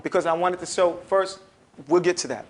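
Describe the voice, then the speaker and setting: A man's voice: high voice, brisk. A man teaching an Arabic alphabet class, explaining and drilling syllables emphatically for students to repeat in a classroom.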